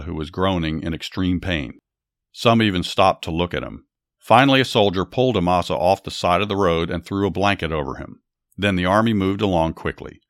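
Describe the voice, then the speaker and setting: Deep-voiced man narrating Bible stories. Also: a bit bright, no echo, studio quality. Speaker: podcast host and Bible storyteller. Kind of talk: scripted Bible story narration and commentary.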